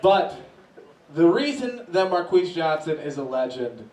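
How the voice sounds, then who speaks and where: A man doing stand-up comedy, telling a story in an animated way and often laughing as he talks. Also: fairly high pitch, a little slow. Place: comedy club stage. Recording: echoey room, mic heard from a distance, faint noise.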